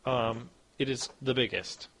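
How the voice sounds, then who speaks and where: A man runs a tabletop game as its narrator, his bright, forceful voice describing scenes in a loose, halting way full of ums and likes. He sounds casual and unscripted. There is a faint hiss under the recording. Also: mid-range voice, creaky. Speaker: game master.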